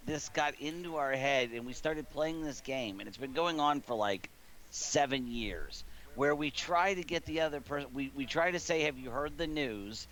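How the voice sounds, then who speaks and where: A man in his thirties streaming from his living room, telling a long, meandering story at a relaxed pace. His voice sits in an ordinary middle range, and he laughs between lines. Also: medium pitch, moderate pace. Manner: rambling anecdotal storyteller, laughs often. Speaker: gaming streamer. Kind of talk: casual stream chat, storytelling.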